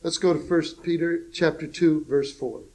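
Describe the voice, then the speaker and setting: Male preacher, fairly high voice, folksy and emphatic, soft asides against loud exclamations. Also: moderate pace, rough recording. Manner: chuckles at his own jokes. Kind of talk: sermon.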